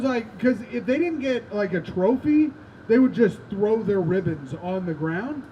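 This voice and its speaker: A man's voice: high voice, a little mellow, lo-fi sound. A man from Indiana doing a stand-up set outdoors on a rooftop, telling rambling self-deprecating stories, swearing and joking with the crowd. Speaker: stand-up comedian. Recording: outdoor noise behind the voice.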